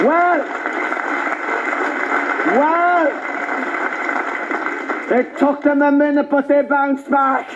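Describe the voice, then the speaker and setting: An Irish man doing stand-up, telling a story in a wry, deadpan way with slow punchlines. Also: very high voice, noisy background. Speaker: stand-up comedian. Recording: dull live audience recording. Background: audience laughter.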